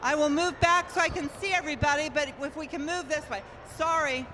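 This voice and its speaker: A woman in her sixties hosting an awards ceremony in an indoor gym, projecting her voice loudly to the crowd. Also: high-pitched, fairly even intonation, a little fast, background noise. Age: 60s. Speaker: event host and organization founder. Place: indoor gymnasium.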